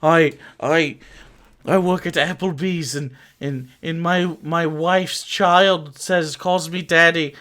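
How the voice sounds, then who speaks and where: A man putting on a slow, stammering impression of a dim-witted, boastful grown man. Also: fairly high pitch, fairly even intonation. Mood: mocking. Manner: halting, stammering, slow and quiet.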